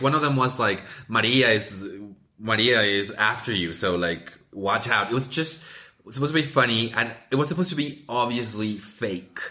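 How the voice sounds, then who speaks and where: A man in casual chat, rambling with many halting restarts. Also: mid-range voice, pushed and bright. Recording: echoey room.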